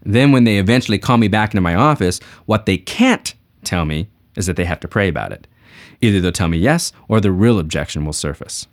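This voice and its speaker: A man's voice: low-pitched, animated, fairly quick. A man giving a folksy, conversational sales training lesson, teaching techniques through stories.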